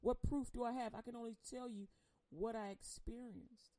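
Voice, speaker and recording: A woman giving an impassioned personal testimony on air. She speaks emotionally and bluntly, swinging between loud outbursts and hushed confession. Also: fairly high pitch, fairly even intonation, normal speed, no echo, rough recording. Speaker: churchgoer sharing a personal testimony.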